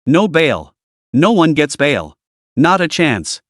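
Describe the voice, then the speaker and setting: A man's voice: a little high, very animated, slow pace, no echo. Brief: a clipped, no-nonsense official, voiced by a male narrator, dry recording. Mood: firm. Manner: curt, authoritative. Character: curt male security official on the phone.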